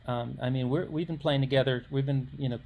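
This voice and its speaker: A man's voice: mid-range voice, steady tone, fast talker, darkish tone, slight background noise. Older male musician guest, casual anecdotal storyteller, rambling and self-interrupting.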